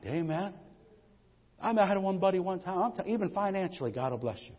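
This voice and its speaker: Folksy preacher, husky voice. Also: male voice, high voice, lively intonation, fast. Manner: folksy, exclaims amen often, storytelling with humor. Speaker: pastor. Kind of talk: lively folksy sermon. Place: church sanctuary. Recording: dull lo-fi church recording with long reverb.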